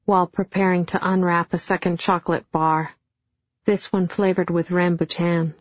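A middle-aged woman narrating an audiobook in a dry, deadpan storytelling manner. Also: on the low side, normal speed, no echo. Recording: dull, dry studio sound.

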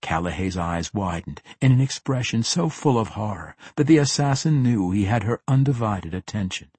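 A man narrates a fantasy audiobook in a steady, dramatic reading. His voice sits low and sounds husky. The recording is dry and close. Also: normal speed, dry recording.

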